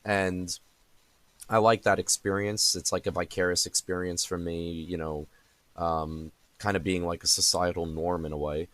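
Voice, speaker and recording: A man's voice: low voice, flat delivery, moderate pace, a bit bright, no echo. A young adult man hosting a podcast in casual conversation, rambling with many fillers and restarts. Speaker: podcast host.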